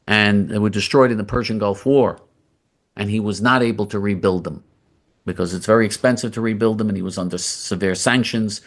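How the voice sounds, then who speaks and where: A man's voice: lowish voice, steady tone, fairly quick. A man hosting a political commentary monologue, blunt and combative, repeating phrases for emphasis. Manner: emphatic and repetitive, doubling phrases for stress. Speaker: host of a political commentary show.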